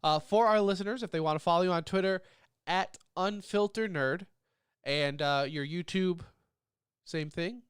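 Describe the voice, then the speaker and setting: A man's voice: sits high, moderate pace, smooth, no room sound, clean studio sound. A man hosting a podcast in a casual chat, his voice a bit nasal from a lingering cough. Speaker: podcast host.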